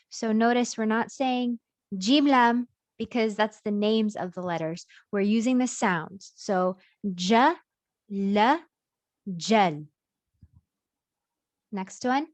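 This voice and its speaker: Woman teacher going really slow, patient, repeats every sound, dry close mic. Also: mid-range voice, no room sound. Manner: patient, repeats each sound slowly for learners. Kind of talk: slow step-by-step reading lesson.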